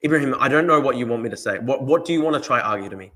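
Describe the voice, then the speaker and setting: Fast-talking, emphatic Australian man. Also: mid-range voice, expressive, pushed and bright. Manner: emphatic, profane, repeats himself. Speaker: livestream host. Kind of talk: casual political livestream talk.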